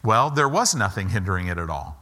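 A man's voice: lowish voice, very animated, fairly quick, bright, forceful tone. A middle-aged man preaching a sermon, emphatic and repetitive, leading the congregation in call-and-response. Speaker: pastor.

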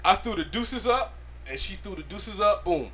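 A young man co-hosting a casual chat, an animated storyteller who cusses freely. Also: sits high, moderate pace, slight background noise. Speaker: podcast co-host.

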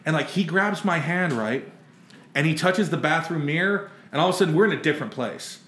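A man's voice: a little high, lively intonation, a little fast, a bit bright, echoey room. A man telling a rambling, comic story in casual chat, laughing and swearing freely. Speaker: podcast co-host telling a story.

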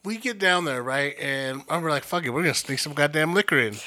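A man's voice: on the high side, a little fast, pushed and bright. A man co-hosting a casual chat, cutting in with wry remarks and swearing freely.

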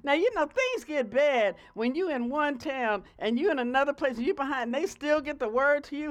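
High-voiced woman preaching a playful sermon. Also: big pitch swings, moderate pace. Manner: conversational, playful preaching with frequent "okay?" asides.

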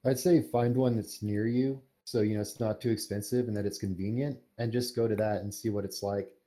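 Low, mellow-voiced young man chatting. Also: brisk. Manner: relaxed, rambling with many fillers. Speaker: podcast guest, fan fiction writer. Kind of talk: casual interview chat.

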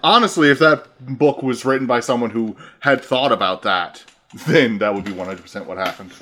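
A man in casual chat, swearing freely and quick to correct the other speaker. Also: medium pitch, sharp tone.

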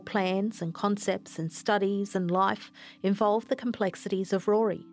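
A woman reading a reflective, scripted narration in a slow, measured way. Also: mid-range voice.

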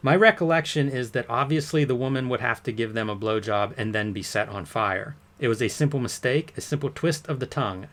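A man's voice: mid-range voice, fairly quick, hardly any pauses, fairly bright tone, close to an everyday voice. A man playing a witness under cross-examination who answers with curt, defensive denials in a courtroom transcript reading. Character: defensive male witness testifying under oath.

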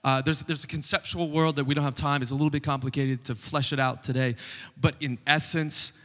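A man's voice: fairly high pitch, flat delivery, fairly quick, a bit bright, long reverb tail. A man preaching a sermon as pastor, conversational and joking with the congregation. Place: church sanctuary.

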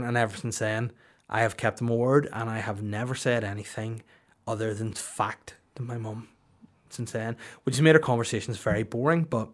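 A man's voice: fairly low pitch, moderate pace. A man, telling rambling, profane comic stories as a podcast host in a mock-serious tone. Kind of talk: comedic storytelling.

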